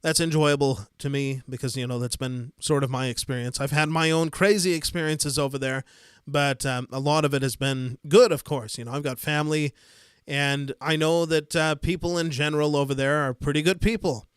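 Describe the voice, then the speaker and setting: Livestream host, American man, Midwestern accent, relaxed and rambly, dry close sound. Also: a little high, normal speed, clear, resonant tone, no echo. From United States. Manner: rambling, easygoing, frequent fillers and soft chuckles. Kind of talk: casual live-stream chat, reading viewer comments.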